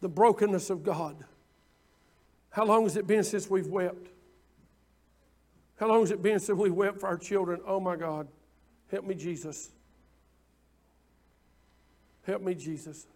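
A man preaching a sermon, impassioned and repetitive at times, then dropping into quiet asides. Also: high-pitched, moderate pace, pauses often. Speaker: pastor.

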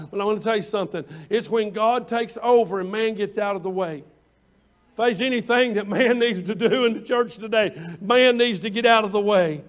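A man preaching a sermon as pastor, stretching out his words and rising louder on scripture quotes. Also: high-pitched.

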